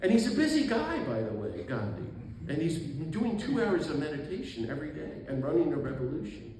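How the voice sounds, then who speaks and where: A man giving an animated talk as a priest, exuberant, with quick asides and laughter at himself. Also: on the high side, distant mic, crowd noise. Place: event hall. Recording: echoey room with faint background noise.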